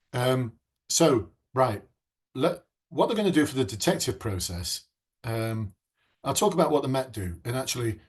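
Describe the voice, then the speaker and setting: A man's voice: mid-range voice, breathy edge. A middle-aged man coaching would-be police officers in a live online masterclass, chatting and reacting to viewers' comments.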